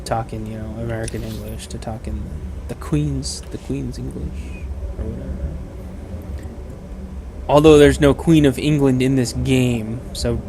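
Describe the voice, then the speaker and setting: A man's voice: medium pitch, normal speed. A man giving casual game commentary as a vlogger, rambling and enthusiastic, often breaking off and restarting. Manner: rambling, enthusiastic, self-interrupting. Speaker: gaming vlogger. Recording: voice over loud game audio and noise. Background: video game sound.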